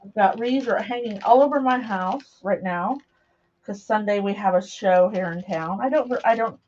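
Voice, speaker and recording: A middle-aged woman hosting a live craft stream, chatting casually and rambling as she works, greeting viewers by name, recorded through a camera mic as she moves around a table in a home craft room. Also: on the low side. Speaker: craft livestream host. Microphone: camera mic while moving around a table. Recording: dull lo-fi live stream audio.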